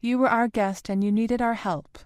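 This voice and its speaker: A woman voicing a gentle, somewhat nervous motherly woman speaking earnestly, in an audiobook. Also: a little high, steady tone, normal speed, dry recording, voice pushed up, close to an everyday voice.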